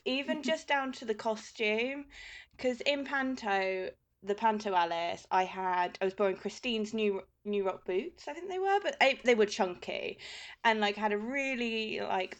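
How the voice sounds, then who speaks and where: An actress chatting casually, giggling through anecdotes with lots of "like". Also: female voice, medium pitch. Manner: chatty, giggly, many fillers like "like". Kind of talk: casual interview chat.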